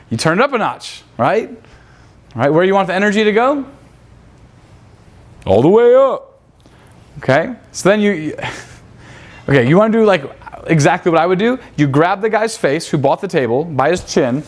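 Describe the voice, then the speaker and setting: A man's voice: sits high, expressive, normal speed. A man leading a live seminar, brash and profane, firing rhetorical questions at his audience. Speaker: seminar instructor.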